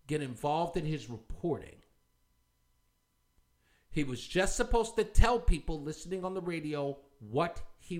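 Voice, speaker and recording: Heated, high-pitched ranting male host. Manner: heated, confrontational, scornful. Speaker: talk show host. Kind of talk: ranting commentary.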